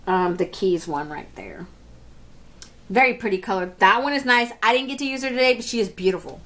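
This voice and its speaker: A woman's voice: medium pitch, fairly quick, a bit bright. A woman giving a casual makeup review to camera, chatty, often calling to her viewers and laughing at herself. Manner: chatty, keeps talking to viewers as "you guys". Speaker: beauty vlogger.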